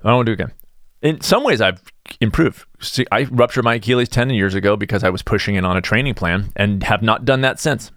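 A middle-aged man hosting a casual solo podcast, rambling through self-deprecating asides and animated tangents. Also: on the low side, fast talker, no echo, studio quality. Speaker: podcast host.

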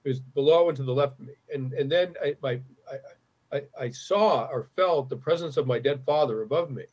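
Middle-aged man, husky, earnest storyteller who stumbles and restarts as he talks. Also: medium pitch, a little fast, a little mellow. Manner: earnest, restarts often when moved. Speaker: guest. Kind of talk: conversational storytelling.

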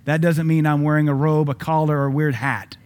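A man preaching a sermon, dropping to quiet asides and then building to loud peaks, reading scripture slowly with emphasis. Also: a little high, level tone. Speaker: pastor.

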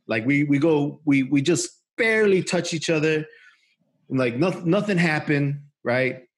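A man spins a long story for his podcast, in a husky, slightly high voice. He rambles, swears freely, and stumbles through restarts and fillers like "you know" and "right?". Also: lively intonation, measured pace. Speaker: podcast co-host. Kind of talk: casual storytelling.

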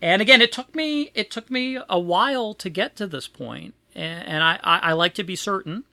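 A woman's voice: mid-range voice, animated, normal speed, bright, forceful tone, no echo. A woman chatting casually, telling a rambling personal story with frequent laughs and restarts. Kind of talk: casual chat.

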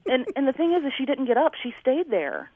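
A woman on a call tells a story with lively energy, acting out other people's lines as she goes. Her voice comes through a thin, tinny phone line. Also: high-pitched, fairly quick, a little hiss or hum. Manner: animated, acts out neighbors' lines. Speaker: caller.

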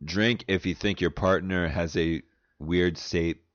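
A man's voice: sits low, steady tone, slow, dry recording, highs cut off. A man co-hosting a podcast, chatting casually while reading out a drinking game, laughing and swearing through the banter. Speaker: podcast co-host.

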